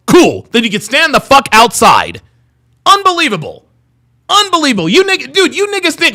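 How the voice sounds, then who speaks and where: A man's voice: very high-pitched, wildly swooping pitch, moderate pace, bright, forceful tone. A man hosting a livestream, reacting to a video and reading chat, profane and repeating himself in disbelief.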